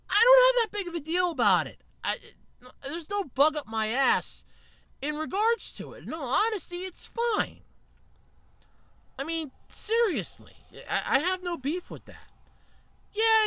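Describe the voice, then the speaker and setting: A solo podcast host with a bright, forceful voice that swings widely up and down. The delivery is blunt and opinionated, with casual swearing and rambling restarts, recorded close and dry. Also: mid-range voice, dry recording.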